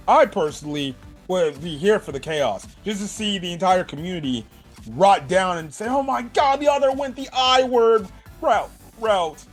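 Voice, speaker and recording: A man giving a casual anime review, animated, emphatic, and profane. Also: on the high side.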